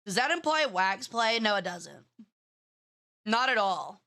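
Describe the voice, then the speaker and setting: A young woman streamer with a medium-pitched, sharp-toned voice talks a little slowly in casual live-stream chat. She rambles in a bratty way, swearing freely and using plenty of fillers.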